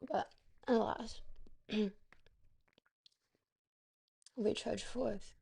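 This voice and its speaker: Woman with heavy vocal fry. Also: medium pitch, fairly even intonation, extremely slow, mellow. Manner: quaintly formal, theatrical phrasing; hesitant, searching for words. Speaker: livestreamer reading aloud to chat. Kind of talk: casual livestream chat and reading aloud.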